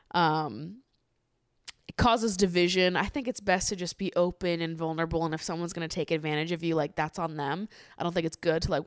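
A woman's voice: fairly low pitch, clear, resonant tone, no echo, clean studio sound. A young woman hosting a podcast in casual chat, swearing freely and laughing often. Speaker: podcast host.

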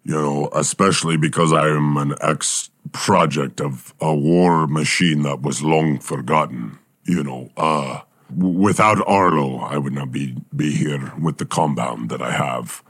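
Man voicing a rumbling drunk talking bear. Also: unhurried, a bit bright, dry recording, studio quality, exaggerated voice. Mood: gruff. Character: gruff male talking bear, ex-Soviet war experiment. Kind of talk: improvised comedy podcast role-play.

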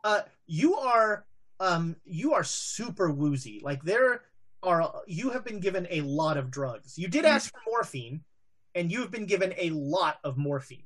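Slow, hesitant woman game master. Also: lowish voice, sing-song. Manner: hesitant, many fillers. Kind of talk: narrating a tabletop game.

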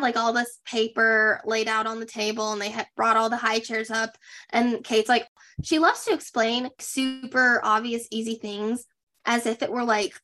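Chatty, sarcastic young woman. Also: fairly high pitch. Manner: chatty, sarcastic, animated impressions. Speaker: podcast co-host. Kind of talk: casual recap chat.

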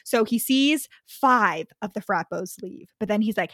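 A woman co-hosting a casual book podcast, animated and laughing often as she recaps and comments with free swearing. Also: medium pitch, a little slow, few pauses, dry recording, clean studio sound. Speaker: podcast co-host.

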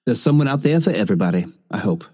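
A man's voice: on the low side, expressive, very fast, darkish tone, slightly rough. Man making brief dry remarks. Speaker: podcast co-host. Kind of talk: casual chat.

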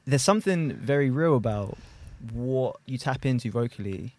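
A man's voice: medium pitch, animated, normal speed, darkish tone. A man hosting a casual chat, rambling and asking curious questions.

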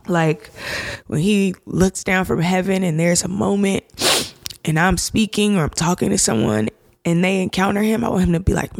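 A woman's voice: fairly low pitch, moderate pace, vocal fry, a little mellow, no echo, clean studio sound. A woman hosting a faith podcast, talking casually and from the heart with slang, and tearing up as she speaks. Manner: casual and heartfelt, slang-filled, gets emotional. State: tearful. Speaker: podcast host.

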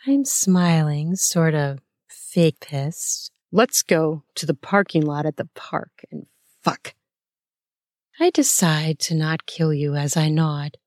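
Speaking languidly, a woman recounts an intimate erotic story from her own point of view. Her tone is breathy, playful, and a touch low, broken up now and then by gentle laughter and gasps. It's a close, dry recording with no trace of the room.

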